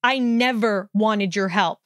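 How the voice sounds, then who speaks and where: A woman's voice: medium pitch, slow, fairly bright tone, no room sound, studio quality. A woman voicing a hot-tempered young male wizard in a storybook reading, snarling and sneering. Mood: scornful.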